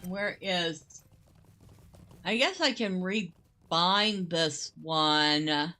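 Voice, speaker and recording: A gameplay host with a lowish, expressive, sharp-toned voice chats casually while she plays. She's unhurried, muses aloud as she goes, and laughs easily.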